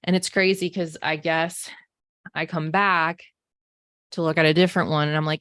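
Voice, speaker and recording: A psychic medium hosting a podcast, this woman in her forties recounts a personal story casually, with frequent "like" and "um." Her deep voice barely moves in pitch, comes across a bit bright, and runs at a moderate pace without echo.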